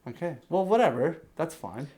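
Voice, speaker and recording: A man's voice: a little high, normal speed. Laughing young man on a podcast. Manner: laughs often, animated, steers topics. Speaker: podcast co-host. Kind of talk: casual podcast banter.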